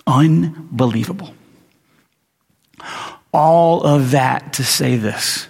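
A man's voice: mid-range voice, moderate pace, creaky, breathy edge. Guy preaching a laid-back sermon, talks like he's chatting, long hall echo. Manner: casual, conversational storytelling with slangy asides. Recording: long reverb of a large hall.

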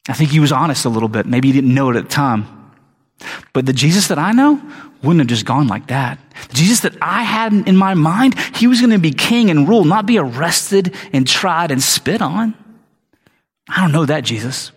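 A man delivers a relaxed, conversational sermon and slips into quick impressions of the people in his stories. His voice sits a little high and sounds husky. The sermon rings with the long reverb of a big hall. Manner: casual slangy storytelling, acts out the people he quotes. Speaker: pastor.

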